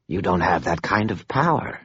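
A man voicing an ancient, rotting female vampire with a dusty, rasping voice, speaking slowly and mockingly. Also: low voice, expressive, fairly bright tone, no echo, highs cut off, full character voice. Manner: slow, mocking.

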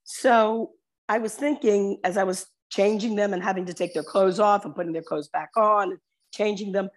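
Chatty woman on a podcast, rambly, laughs easy, middle pitch voice. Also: steady tone, moderate pace. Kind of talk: casual chat and joke telling.

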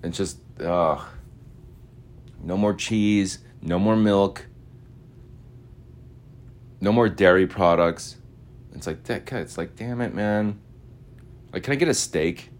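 A man's voice: low-pitched, slow pace, long pauses. A man hosting a podcast in a casual, meandering monologue, slangy and full of filler words. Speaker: podcast host.

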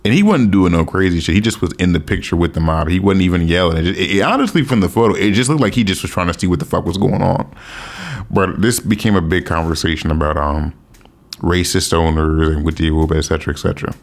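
Man, very deep voice, casual monologue, rambling, self-correcting, offhand swearing. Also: quick pace. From United States. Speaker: commentator.

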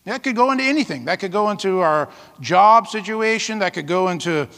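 High-pitched folksy preacher man. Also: lively intonation, a little fast, fairly bright tone, in a large hall. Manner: folksy storytelling with laughs and asides. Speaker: pastor. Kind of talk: sermon.

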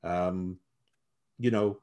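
Opinionated man with a lowish voice. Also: fairly even intonation, extremely slow, warm tone. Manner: opinionated, repeats words while thinking. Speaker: guest co-host. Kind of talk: casual podcast chat.

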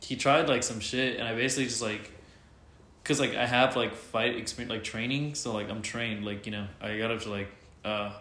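A man's voice: lowish voice, steady tone, brisk, bright, forceful tone. A man in his twenties telling a long story in casual chat, rambling with many "like"s and restarts. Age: 20s. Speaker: storyteller guest. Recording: echoey room with faint background noise.

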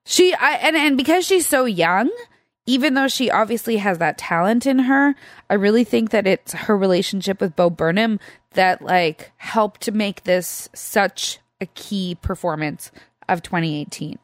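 A woman's voice: mid-range voice, lively intonation, measured pace, dry recording. A woman co-hosting a casual film review chat, emotional and gushing, tearful and laughing often.

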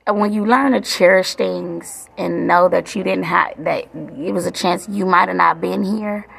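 Woman in her 30s, vlogger; low, very gravelly voice, heartfelt rambling chat. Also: fairly even intonation, a little slow, fairly bright tone. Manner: heartfelt, rambling, many fillers. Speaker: vlogger, mother. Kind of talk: casual reflective vlog chat.

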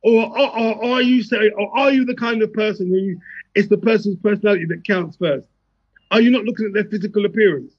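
A fairly high, husky male voice, hosting a casual group chat. He fires off blunt, teasing questions and restarts himself often. The sound is muffled and lo-fi, as on a video call. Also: quick pace. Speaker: host.

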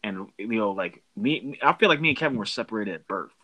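Bright, forceful man reminiscing casually. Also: fairly low pitch, brisk. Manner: relaxed reminiscing, casual slang and swearing. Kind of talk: casual chat.

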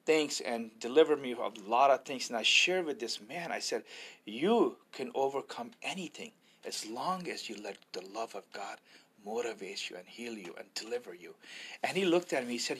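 Husky-voiced earnest male evangelist. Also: medium pitch, expressive, normal speed, a bit bright. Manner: earnest, preacherly, quoting scripture. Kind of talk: personal faith testimony.

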